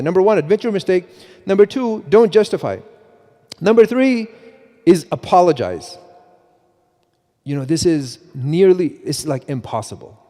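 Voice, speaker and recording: A middle-aged man giving a mosque talk on parenting, animated, with many restarts and repeats, often quoting himself. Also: high-pitched. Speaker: preacher. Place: mosque hall. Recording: long hall reverb.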